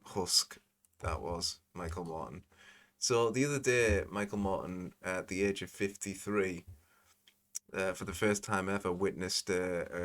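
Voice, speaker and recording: Casting: deep-voiced guy, rambling sardonic commentator. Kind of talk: casual commentary.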